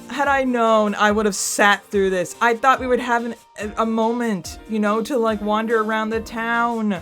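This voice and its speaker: Young female let's-play host, exasperated and rambling, drawn-out delivery, soft music bed. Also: a little high. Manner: exasperated, self-scolding outbursts and rambling theorizing. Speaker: gaming YouTuber playing through a game.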